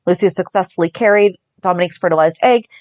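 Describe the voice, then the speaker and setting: A woman in her thirties, a podcast co-host chatting about a soap opera, telling the story fast and acting out the lines. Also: on the low side, no echo. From Northeastern US. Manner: chatty storyteller, acting out quotes, laughing often. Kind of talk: casual chat recapping a soap opera.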